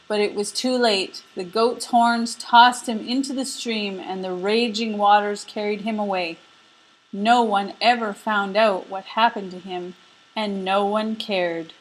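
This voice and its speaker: A woman narrating a folk tale in an expressive storybook reading. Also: on the high side, rough recording.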